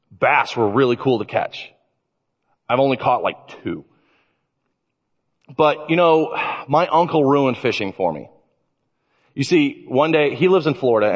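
A man preaching a sermon, telling stories in an animated way. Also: medium pitch, breathy edge, lo-fi sound. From Illinois. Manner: animated storytelling. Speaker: pastor. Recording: reverberant church hall.

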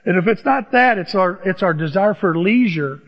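A man's voice: sits high, expressive, normal speed. A man preaching a sermon as pastor, conversational and humorous, rising to emphatic peaks. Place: church. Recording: dull sound with long church reverb.

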